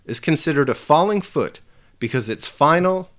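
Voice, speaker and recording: A man presenting a scripted video lesson with a measured, emphatic delivery. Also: on the high side, lively intonation, a bit bright. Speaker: teacher.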